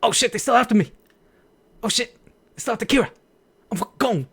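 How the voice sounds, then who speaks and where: A man's voice: very high voice, animated, fairly quick, creaky, a bit bright, husky, voice pushed up, exaggerated voice. A man voicing a panicked male villain on the run, swearing frantically in a put-on Australian accent.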